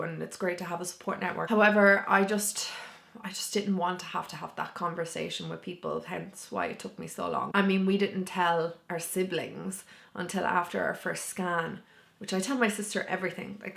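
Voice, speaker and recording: A woman's voice: fairly low pitch, creaky. A woman vlogger talking candidly and casually to camera, with lots of filler words. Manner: candid and chatty, with many "like" fillers. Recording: roomy echo.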